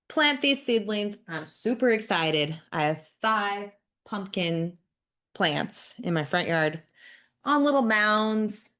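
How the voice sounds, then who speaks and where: A woman's voice: on the low side, a bit bright. A woman podcast host telling personal stories in a chatty, self-deprecating way. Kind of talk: personal storytelling monologue.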